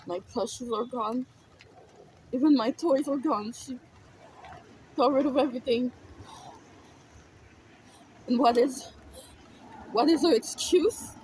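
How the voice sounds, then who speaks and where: A woman's voice: high voice, slow pace, pauses often, darkish tone, a little hiss or hum, rough recording. A woman telling a personal story in a raw, emotional, profane way.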